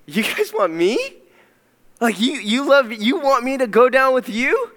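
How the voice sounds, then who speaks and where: A man voicing God as a surprised, flattered male deity who answers in halting, incredulous bursts. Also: very high voice, big-room sound, pitched above the performer's own voice, full character voice.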